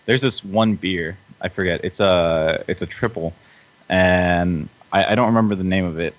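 A man's voice: lowish voice, a bit bright, dull audio. A man chatting as a podcast guest, telling travel stories in a hesitant, rambling way with laughs along the way. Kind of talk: casual chat.

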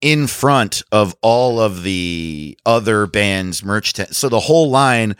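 A man's voice: fairly low pitch, lively intonation, slow, fairly bright tone, smooth, no room sound, studio quality. A young male comedian telling a rambling, profane story in casual podcast chat, full of fillers. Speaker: comedian guest.

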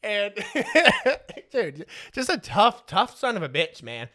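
A man's voice: high-pitched, very animated, slow pace, bright, forceful tone, no room sound, clean studio sound. A man in his thirties hosting a podcast, telling casual stories, swearing freely and laughing through them. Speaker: podcast host. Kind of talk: casual storytelling.

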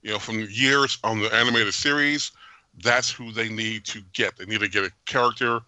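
A man hosting a podcast, giving an animated, jokey and opinionated movie review with frequent laughs. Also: fairly low pitch, moderate pace, dry recording. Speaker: podcast host. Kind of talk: casual movie review chat.

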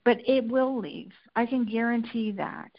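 A woman being interviewed as a guest, telling personal stories in a candid, animated way and acting out the quotes. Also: fairly high pitch, a little slow, highs cut off. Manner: animated, tells anecdotes with acted-out quotes. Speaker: interview guest, lifestyle and food editor. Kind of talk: candid conversational storytelling.

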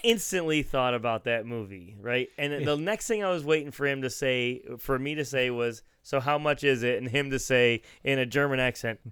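A man's voice: medium pitch, moderate pace, few pauses, fairly bright tone, clean tone, no echo, studio quality. A middle-aged man telling a long rambling anecdote in casual chat, often restarting and laughing.

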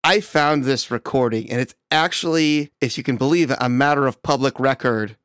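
A man's voice: mid-range voice, normal speed, fairly bright tone, clean tone, no echo, clean studio sound. A man hosting a comedy podcast, telling a story with exasperated banter.

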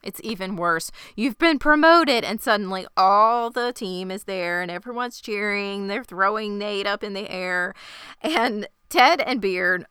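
A woman's voice: mid-range voice, animated, measured pace, pushed and bright, smooth, no room sound, studio quality. A woman in her thirties hosting a podcast, chatting casually and acting out quoted lines with bubbly energy. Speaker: podcast host. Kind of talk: casual recap chat.

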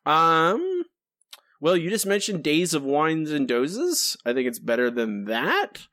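Brief: male podcast co-host, lively pitch swings, dry close mic, jokey, self-deprecating. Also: slow, dry recording. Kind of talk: casual chat.

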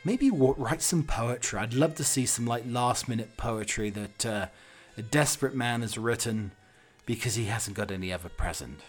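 A man's voice: medium pitch, moderate pace, hardly any pauses, soft background music. A British man hosting a solo podcast, rambling cheekily and mocking himself. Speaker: podcast host.

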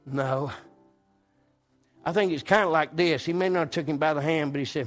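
Folksy preacher, soft music behind. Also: male voice, a little high, normal speed. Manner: folksy storytelling, swings between loud and hushed. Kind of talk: sermon.

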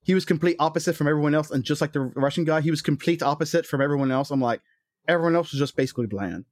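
A man's voice: a little high, racing, dry recording, studio quality. A man co-hosting a casual movie review podcast, joking and now and then bursting into silly voices. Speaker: podcast co-host.

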